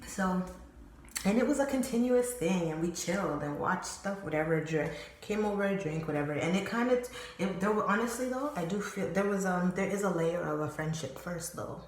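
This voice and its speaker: A young woman vlogger tells a story in loose, slangy chat full of "like" and swearing. Her voice sits a little low for a woman. It rings around a very echoey room over faint background noise. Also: normal speed. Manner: slangy, profane, animated retelling with lots of "like".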